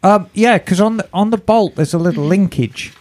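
A man's voice: sits high, normal speed. A man co-hosting a motorcycle podcast, explaining repairs in casual chat. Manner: animated, explaining mechanics, teasing. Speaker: podcast co-host.

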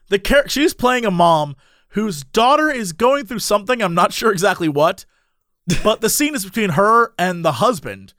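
A young man telling a casual anecdote, animated and laughing often as he talks. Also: high-pitched, no echo, studio quality.

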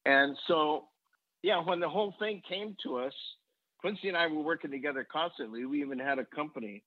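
A man's voice: a little high, a little fast, no room sound. Give me an older man recounting stories with energy, sounding like a phone call. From United States. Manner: animated storyteller, acts out quoted voices. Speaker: guest songwriter. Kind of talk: storytelling in conversation. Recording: tinny phone-like line.

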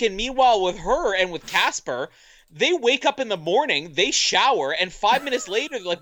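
A man's voice: extremely high pitch, moderate pace. A man co-hosting a podcast, chatting casually and laughing often as he tells stories. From Canada. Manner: laughs often, animated storytelling. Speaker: podcast co-host. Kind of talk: casual chat.

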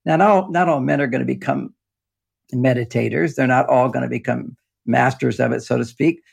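A man's voice: medium pitch, fairly quick, vocal fry, slightly rough. An older man talking in a rambling, explanatory way in a casual interview, often breaking into laughter, speaking from an underground home office. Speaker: relationship author and guest.

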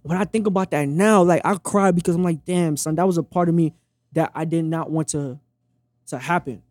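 A man's voice: fairly high pitch, brisk, darkish tone, no echo. A young man telling a personal story in blunt, profane casual talk, acting out the dialogue as he goes.

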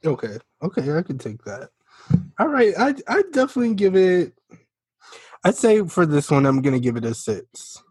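A man's voice: on the high side, big pitch swings, moderate pace, darkish tone, breathy edge, no echo. A man co-hosting a podcast, laid-back, swearing casually and laughing often. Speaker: podcast co-host. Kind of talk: casual chat.

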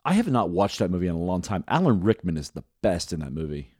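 A man's voice: deep voice, big pitch swings, quick pace, a little mellow, breathy edge, no echo, clean studio sound. A man co-hosting a podcast, chatting casually, rambling and swearing now and then. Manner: rambling, swears casually, laughs at own jokes. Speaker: podcast co-host. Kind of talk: casual chat.

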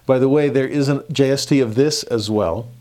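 A man giving a casual scripture lesson, animated and acting out the dialogue in quick voices. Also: medium pitch. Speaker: scripture teacher.

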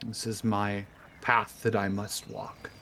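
A man voicing an ancient, solemn male frog chieftain in a measured, grave manner. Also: lowish voice, little pitch movement, fairly bright tone, slight background noise.

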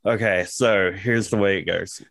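A man's voice: fairly low pitch, fairly even intonation, measured pace, fairly bright tone, dry recording. A man hosting a podcast, telling a rambling, profane story in a laid-back way. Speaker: podcast host. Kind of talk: casual storytelling chat.

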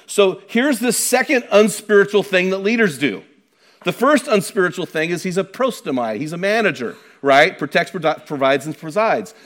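A middle-aged male pastor delivers a sermon with a slightly raised pitch. He talks in an emphatic, conversational way, pressing his points home and checking in with rhetorical questions. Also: animated, normal speed, fairly bright tone.

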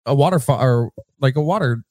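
A man's voice: medium pitch, a little fast, warm tone, dry recording. Teasing, crude man. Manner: crude, teasing, swears casually. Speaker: co-host. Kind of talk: casual banter.

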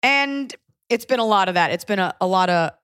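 A woman's voice: medium pitch, expressive, brisk, fairly bright tone, clear, resonant tone, dry recording, clean studio sound. A woman hosting a podcast, chatting casually and telling rambling, joking stories with the odd swear word. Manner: chatty, loose storytelling with jokes and swearing. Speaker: podcast host. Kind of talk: casual chat.

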